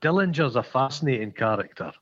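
Scottish male co-host, mid-pitched, wry and rambling, lo-fi sound. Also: expressive, fairly quick, a bit bright. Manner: rambling, stammering restarts, wry. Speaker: podcast co-host. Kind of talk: casual chat. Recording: dull lo-fi sound.

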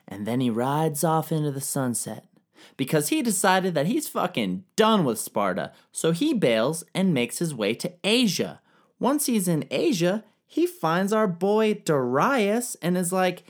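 A man's voice: on the high side, sing-song, a little slow. A young man retelling ancient history as a comedy, slangy and profane. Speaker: narrator.

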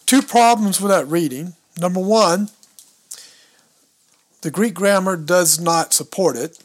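Slow-talking man explaining scripture. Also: sits high. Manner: explains step by step, thinks aloud while leafing through books; reads scripture and Greek words aloud, stumbling over pronunciation. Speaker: podcast co-host. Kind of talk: casual teaching talk on scripture.

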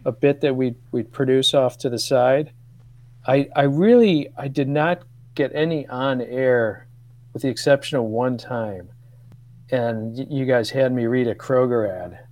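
A man in his fifties, a guest on a radio show, telling old stories with laughs and halting restarts. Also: medium pitch, darkish tone, no echo. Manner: storytelling, laughs often, hesitant restarts. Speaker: guest, former radio co-producer. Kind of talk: casual radio chat.

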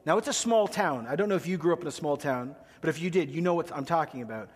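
A man's voice: on the high side, quick pace, hardly any pauses, big-room sound. A man preaching a sermon, conversational, with joking asides to the congregation. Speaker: pastor.

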